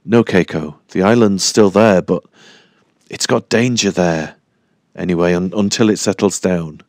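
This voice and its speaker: A man's voice: low-pitched, unhurried, a little mellow, dry recording, studio quality. A man voicing an adult scarred loner who talks in a plain, guarded, friendly way in an audiobook.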